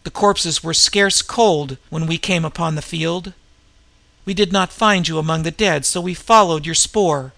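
A man reading aloud, voicing a gruff bearded northern warrior who grunts his words. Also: fairly high pitch, a little slow, pushed and bright, dry recording, heavily acted. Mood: urgent. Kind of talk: audiobook reading.

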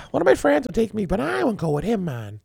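Man putting on a high coy flirting woman. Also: wildly swooping pitch, moderate pace, gravelly, darkish tone, husky, no echo, clean studio sound, exaggerated voice. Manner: sighing, sweet-talking, coaxing.

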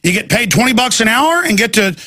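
A man's voice: very high voice, lively intonation, fairly quick, bright, forceful tone, no echo, clean studio sound. A man hosting a talk show, telling a rambling story in a ranting style and acting out the voices of the people he quotes. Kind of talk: rambling talk-radio rant.

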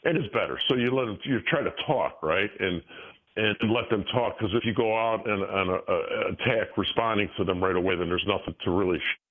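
A man's voice: lowish voice, brisk. A man in his sixties, a guest talking in a rambling way, with many restarts and frequent chuckles. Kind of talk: casual interview talk. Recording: tinny phone line.

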